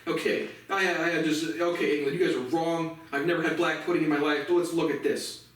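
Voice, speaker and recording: An American commentary show host rants sarcastically about the news, swearing a lot and laughing along the way. His fairly high, slightly bright voice stays level and fairly quick, picked up by a distant mic in an echoey room.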